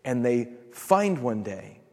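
A male pastor telling a story in a sermon, with dramatic pauses and laughs. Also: medium pitch, big pitch swings, mellow. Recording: long reverb of a large hall.

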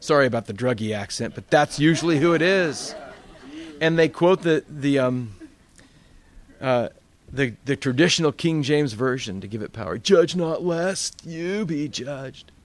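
A man's voice: medium pitch, animated, normal speed. A male pastor teaching a Bible study in a conversational sermon style, full of rhetorical questions.

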